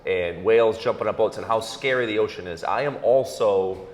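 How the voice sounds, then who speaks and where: A man's voice: on the low side, moderate pace. A man co-hosting a casual comedy chat show, dry and joking, laughing often, in front of a small live audience. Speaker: co-host. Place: local venue with live audience. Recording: echoey room with long reverb.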